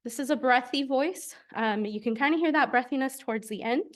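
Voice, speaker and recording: A young woman from the United States giving an academic research presentation, explaining carefully with frequent filler pauses. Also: sits high. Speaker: graduate student presenter.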